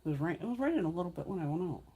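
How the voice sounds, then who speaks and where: A woman's voice: on the low side, very animated, very fast, warm tone, husky. A woman hosting a beauty livestream, chatting casually with viewers, blunt and swearing freely, with frequent laughs. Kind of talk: casual live chat with viewers. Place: home on a mountain.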